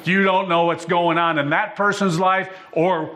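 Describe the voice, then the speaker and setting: Fervent preacher man, bright voice. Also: high voice, flat delivery, measured pace. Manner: rhythmic listing, rising to fervent exclamations. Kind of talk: sermon.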